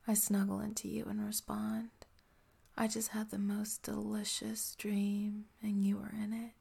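This is a woman's husky, medium-pitched whisper, delivered in a monotone with vocal fry. She sits close to the microphone, narrating a role-play softly, slowly and intimately.

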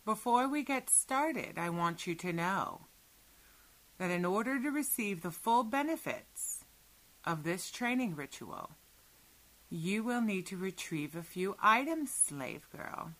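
A woman in a whispered role-play, giving soothing, commanding hypnotic instructions and often sinking into breathy whispers. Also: mid-range voice, lively intonation, measured pace, fairly bright tone. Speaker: hypnosis audio performer.

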